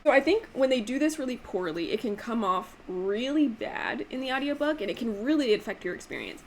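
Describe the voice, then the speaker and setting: A woman with a fairly high voice chats through a casual book vlog. She is emphatic and peppers her talk with "like", now and then jumping up in pitch to mimic a voice. A faint hiss sits behind her. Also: sing-song, brisk. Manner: chatty, emphatic, frequent "like" fillers; demonstrates voices with sudden pitch jumps. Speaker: book channel host.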